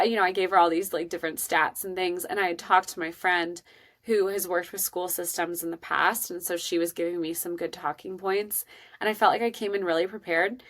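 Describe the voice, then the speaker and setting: A woman's voice: on the low side, moderate pace. Earnest woman sharing a personal story. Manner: earnest, emotional, expressive. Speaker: podcast host.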